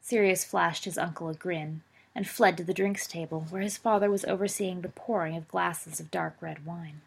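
Woman storybook narrator, expressive, slightly raspy. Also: fairly low pitch, moderate pace. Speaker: audiobook reader.

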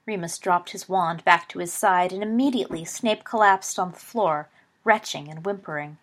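A woman narrating a story aloud in an expressive, brisk reading. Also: lowish voice.

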